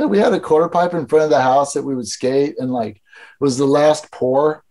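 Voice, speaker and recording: A man's voice: on the high side, expressive, moderate pace, a little mellow. A man from Illinois, a podcast guest and skatepark builder, telling stories in rambling, profane casual chat full of filler words. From Illinois, USA.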